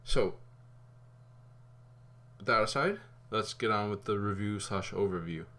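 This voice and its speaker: Brief: male vlogger reviewing a film, low voice, loose and chatty, swears casually. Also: a little slow. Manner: rambling and animated, with fillers and casual swearing. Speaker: movie reviewer.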